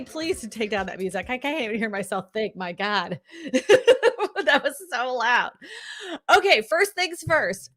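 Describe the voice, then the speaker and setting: A woman hosting a casual live stream, upbeat and quick to laugh, talking with many fillers and restarts. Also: on the high side, bright, forceful tone. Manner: laughs often, upbeat and chatty; filler-heavy, restarts often. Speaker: real estate live stream host.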